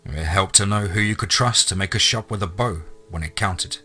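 A man's voice: low voice, moderate pace, pushed and bright. A man narrating a first-person camp horror story in a casual, wry way. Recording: faint music underneath.

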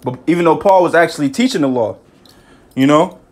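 A man teaching scripture in a casual, excitable way, often adding "man" and "you know", reading verses slowly. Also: on the high side. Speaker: bible teacher.

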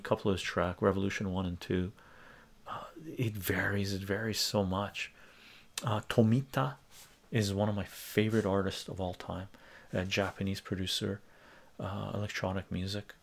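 A man's voice: on the low side, creaky. A man hosting a live stream, chatting casually, reading chat messages aloud and rambling with many restarts. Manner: rambling and conversational, many fillers and restarts, reads lyrics aloud.

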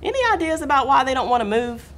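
A middle-aged woman reading a picture book aloud to children, expressive and talking to her young listeners. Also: high voice, fast, slight background noise. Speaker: school administrator reading aloud.

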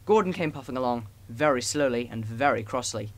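A man narrating a children's storybook as an audiobook, in an even, gentle storytelling manner. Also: mid-range voice, brisk. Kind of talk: storybook reading.

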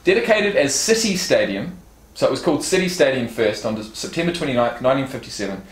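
A man's voice: mid-range voice, very animated, quick pace. A man casually unboxing fan gifts on his vlog, reading card stats and a letter aloud and swearing now and then. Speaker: YouTube vlogger. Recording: roomy echo.

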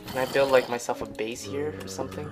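A man giving let's play commentary, excitable and easily panicked, with yelps and repeated exclamations. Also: medium pitch, fast talker, over music. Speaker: gaming channel host.

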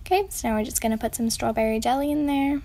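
A woman's voice: fairly high pitch, steady tone, quick pace, warm tone, slight background noise. A woman, chatting and giggling as she bakes in her home kitchen for a casual vlog tutorial. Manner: chatty and giggly, talking while she works. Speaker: baking vlogger.

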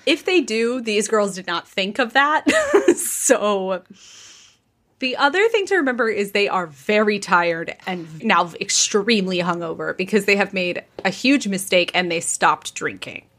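A woman in her thirties hosts a casual gossip podcast. She tells the story in an animated way, putting on the voices of its people and often breaking into laughter. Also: mid-range voice, a little slow. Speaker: podcast host.

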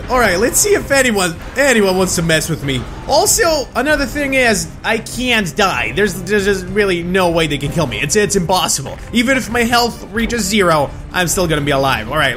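A young man talks through his gameplay with loud, hyped exclamations and bursts of laughter. His pitch jumps about constantly. Background music plays clearly beneath his voice. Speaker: gaming YouTuber. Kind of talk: excited gameplay commentary.

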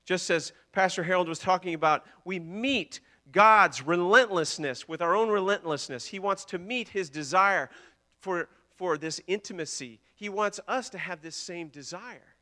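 High, bright-voiced preaching man. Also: moderate pace. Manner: impassioned, repeating words, swinging between loud and hushed. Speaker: pastor. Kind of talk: sermon.

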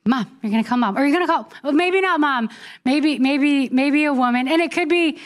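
A middle-aged woman pastor preaching a sermon, telling stories with quick laughs and dropping soft and slow for scripture. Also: sits high. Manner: animated storytelling, laughs often, drops soft for scripture.

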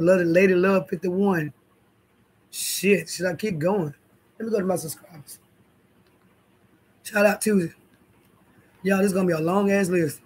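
A woman's mid-range voice, a little mellow and slightly rough, carries her blunt, profane vlog talk. As the YouTube channel host, she speaks straight to her viewers and to others.

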